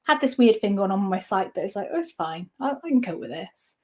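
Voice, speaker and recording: A woman in her thirties, an interview guest candidly telling a personal story, halting with frequent restarts. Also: mid-range voice, big pitch swings, warm tone.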